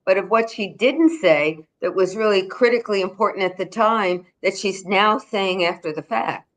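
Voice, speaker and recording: A woman's voice: medium pitch, slight background noise, low-quality recording. Woman commentator on trial strategy. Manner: measured, explains trial strategy. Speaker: guest commentator. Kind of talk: casual legal commentary.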